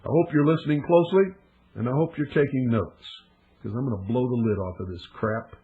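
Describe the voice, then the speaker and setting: A middle-aged man hosting a radio talk show, pressing his points with forceful emphasis and long dramatic pauses. His voice sits in a middle register. The audio is narrow and phone-like, with a thin lo-fi broadcast quality. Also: mid-range voice.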